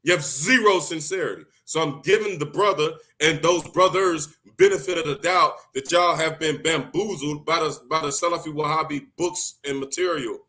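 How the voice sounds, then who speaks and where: A man talking loudly and excitedly in a solo monologue, often repeating himself for emphasis. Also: on the high side, normal speed, few pauses. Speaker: video host giving religious advice. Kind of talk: impassioned solo monologue to camera.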